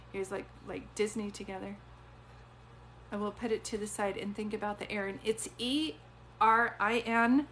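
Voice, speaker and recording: A woman doing a live-stream psychic reading, chatty and rambling, offering warm reassurance. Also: mid-range voice, slight background noise. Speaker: psychic medium.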